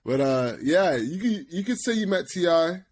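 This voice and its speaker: A young man co-hosting a casual podcast, telling stories with lots of animation, quick impressions and frequent laughter. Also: high voice. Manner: animated storyteller who slips into excited impressions and laughs often. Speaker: podcast co-host.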